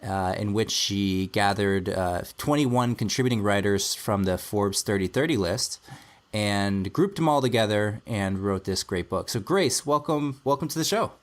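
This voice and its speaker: A man's voice: lowish voice, animated, measured pace. A man hosting a casual podcast, friendly and introducing guests and co-hosts. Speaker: podcast host.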